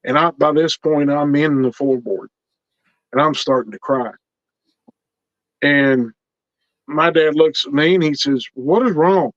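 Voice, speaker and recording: A man's voice: on the high side, fairly even intonation, unhurried, pauses often, fairly bright tone, no echo, muffled recording. Earnest, folksy male storyteller. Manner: folksy, earnest, repeats words when building tension. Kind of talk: casual spoken storytelling.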